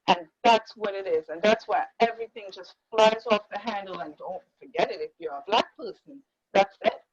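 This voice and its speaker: A woman's voice: medium pitch, normal speed, few pauses. Emphatic woman host, slightly muffled. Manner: emphatic, repeats herself, acts out quoted speech. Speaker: podcast host. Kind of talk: casual panel discussion.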